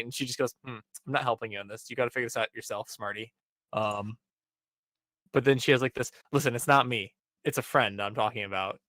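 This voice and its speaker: During a casual podcast chat, a young man retells an episode, voicing the characters' lines with lots of "um" and "like." He talks at a quick pace in a mid-range voice. There's no room sound.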